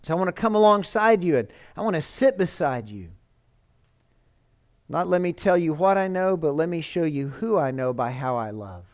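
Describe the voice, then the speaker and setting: A man's voice: fairly high pitch, big pitch swings, moderate pace. A man preaching a sermon as pastor, earnest and pleading, lifting and dropping his voice for emphasis.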